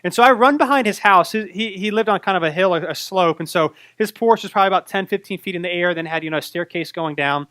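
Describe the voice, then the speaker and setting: In a close, dry recording free of room echo, a high, bright-voiced man in his thirties preaches. He's a North Carolina pastor and a fast talker with few pauses, animatedly recounting a personal story and dramatizing his own fright.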